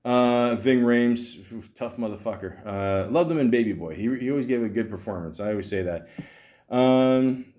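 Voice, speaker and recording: Guy from jersey riffing on old movies, swears a lot, lots of uh and um, mid pitch. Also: moderate pace, warm tone. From New Jersey. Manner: loose, profane, rambling with many fillers. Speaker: podcast host. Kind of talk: casual movie review monologue.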